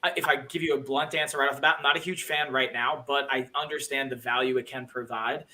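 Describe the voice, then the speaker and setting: A man's voice: mid-range voice, steady tone, fast talker, sharp tone. A man co-hosting a live stream, chatting casually and answering viewers. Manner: chatty, says dude and like.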